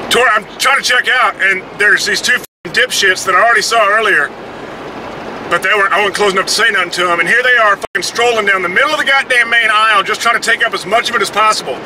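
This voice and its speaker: A man's voice: high-pitched, fast. A man telling a blunt, heavily profane story as a casual vlog rant. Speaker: vlogger. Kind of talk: casual ranting monologue. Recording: noisy, with vehicle and traffic sounds.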